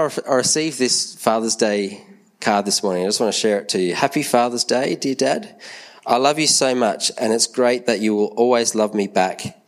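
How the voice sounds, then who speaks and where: Brief: thirties man, mid-pitched, easygoing children's talk in church, asks the kids questions. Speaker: church leader speaking to a congregation.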